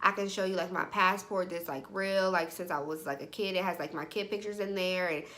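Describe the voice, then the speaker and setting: A young woman quoting a nervous young man in a quiet, halting way. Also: fairly low pitch, fairly even intonation, voice pushed down. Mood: hesitant.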